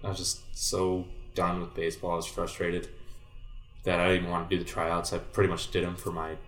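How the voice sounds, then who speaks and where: A young man from Southern California tells stories from his baseball days with a lowish voice. He talks in laid-back slang, says "like" and "dude" constantly, swears mildly, and his voice leaps up when he acts out what he said. The room gives the sound a roomy echo. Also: completely flat delivery, a little fast. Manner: jumps high and loud when quoting himself. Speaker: guest, former baseball player. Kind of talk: casual storytelling chat.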